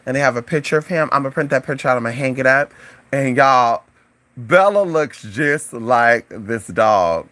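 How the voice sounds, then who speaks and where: Animated, swearing livestream spiritual advisor. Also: moderate pace. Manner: animated, swears freely, calls viewers "y'all" and "honey"; swings into high exclamations. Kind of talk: casual livestream chat with viewers.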